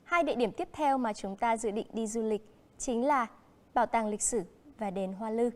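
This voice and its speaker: A woman with a Vietnamese accent teaching a primary school English lesson, slow and encouraging, switching between English and Vietnamese. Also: fairly high pitch, a little mellow. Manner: slow, encouraging classroom delivery.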